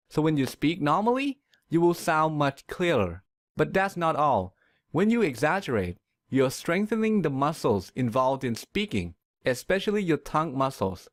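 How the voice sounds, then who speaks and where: A man giving a scripted pronunciation lesson, explaining in a clear, measured way and leaning on words for emphasis. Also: fairly high pitch, no room sound, clean studio sound. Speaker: pronunciation teacher.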